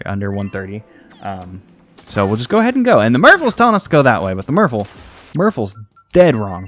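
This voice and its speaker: Rambling young American man, lively pitch. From United States. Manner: rambling, tangent-prone, heavy on fillers. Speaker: let's play host. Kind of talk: casual gameplay commentary.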